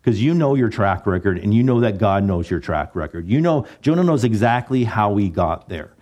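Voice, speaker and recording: Male pastor, warm low voice, conversational sermon with dry humor. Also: lively intonation, normal speed, lo-fi sound. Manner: joking, conversational preaching with dry asides.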